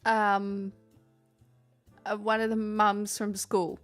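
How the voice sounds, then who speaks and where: A woman's voice: medium pitch, completely flat delivery, slow pace, faint music behind. A young woman streaming a game, bantering playfully with her sister and laughing often. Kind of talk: live game stream chat.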